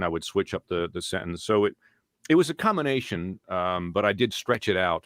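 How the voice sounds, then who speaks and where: A man with a slightly low voice tells stories as a guest in an interview. He is animated and keeps slipping into playful character voices. The sound is dry and close. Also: fast talker, no room sound. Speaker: voice actor guest. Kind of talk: casual interview.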